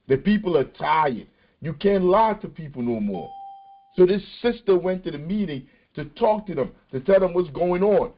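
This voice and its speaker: A man hosting a podcast, talking casually over video clips and repeating phrases for emphasis. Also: fairly high pitch. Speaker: podcast host. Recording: dull lo-fi recording.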